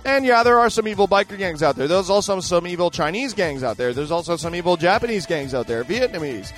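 Answering listener letters on his show, a male host delivers a rambling, emphatic, ranting monologue with plenty of fillers and restarts. He speaks in a high, expressive voice at a quick pace, with faint music behind him.

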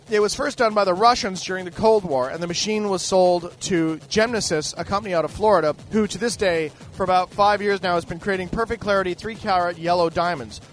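A man hosting a podcast in a casual, profane rant, animated and mock-boastful, swearing freely. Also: sits high. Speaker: podcast host.

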